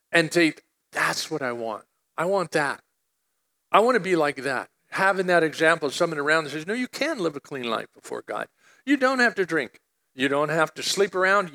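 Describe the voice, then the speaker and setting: Man, middle-aged, pastor, sermon, bright forceful voice, slightly high, chatty storytelling delivery. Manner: conversational preaching with personal stories.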